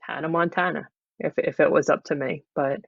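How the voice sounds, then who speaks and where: A performer stays in character for an improvised interview, talking flat and deadpan at a middle pitch. The video call audio is dull and lo-fi, with a dry sound and no room echo. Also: fairly quick, gravelly. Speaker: improv comedy guest.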